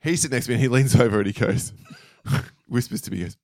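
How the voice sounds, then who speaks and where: A man's voice: medium pitch, fast talker, a little mellow, no room sound. A man in his forties co-hosting a podcast, telling stories in a dry, understated way and acting out quotes. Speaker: podcast co-host. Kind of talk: casual storytelling chat.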